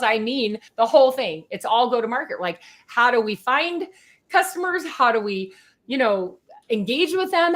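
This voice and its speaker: A middle-aged woman speaking as a podcast guest. Her voice sits a little high, and she talks with quick energy, punching her points and checking in with the listener as she goes. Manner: energetic, talks fast, peppers with "right?". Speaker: sales consultant guest. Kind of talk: podcast interview.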